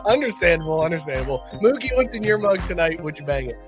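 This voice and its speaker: A man's voice: a little high, sing-song, fast talker, music in the background. A man hosting a casual podcast, bantering with his co-hosts and reading out listener comments. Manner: upbeat, banters and reads out comments. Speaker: podcast host. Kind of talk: casual chat.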